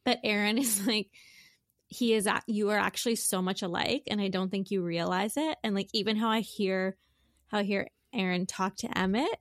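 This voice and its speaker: Woman, 30s, casual podcast co-host; talkative, filler-heavy delivery, mid pitch, dry close-miked sound. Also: fairly even intonation, moderate pace, no room sound. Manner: chatty, lots of filler words. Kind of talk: casual chat.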